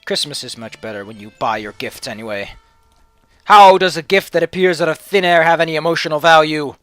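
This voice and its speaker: A man's voice: fairly high pitch, brisk, a bit bright, no echo, faint music behind. A man giving casual gameplay commentary as a let's play host, with sarcastic, mock-villainous rants and swearing.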